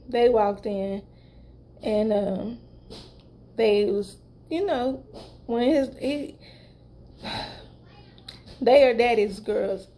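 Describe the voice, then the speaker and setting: Woman vlogger, fairly high voice, slow chatty storytelling. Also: darkish tone. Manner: chatty, retelling conversations with many asides. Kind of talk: casual storytelling to viewers.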